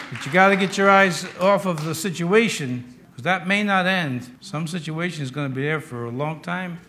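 Older pastor guy preaching, high ringing voice, gets loud then drops quiet. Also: normal speed, few pauses, a faint crowd. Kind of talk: sermon.

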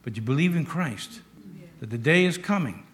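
An older man preaching a sermon as pastor, emphatic, moving between loud raised lines and quiet asides. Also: fairly high pitch, lively intonation, normal speed.

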